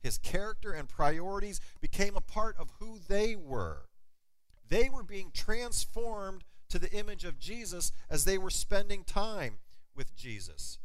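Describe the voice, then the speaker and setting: A middle-aged man preaching a sermon as pastor, telling stories and slowing down to stress key words. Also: high voice, no echo, low-quality recording. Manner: animated storytelling preacher, slows for emphasis.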